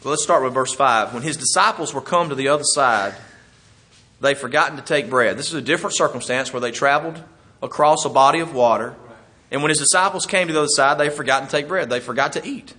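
A man's voice: mid-range voice, fast talker, sharp tone. A man preaching a sermon in a folksy, conversational way, chuckling as he teaches.

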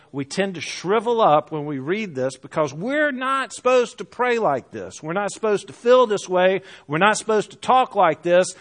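A man preaching a sermon, reading scripture aloud and speaking with passion that swells and falls to hushed lows. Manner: impassioned, rising and dropping to hushed lows; reads scripture aloud in archaic phrasing.

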